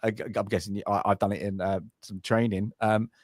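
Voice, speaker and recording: A British man on the low side delivers flat, quick-paced commentary as a podcast co-host reviewing a film. It's casual and rambling, with lots of fillers and restarts, recorded dry in clean studio sound.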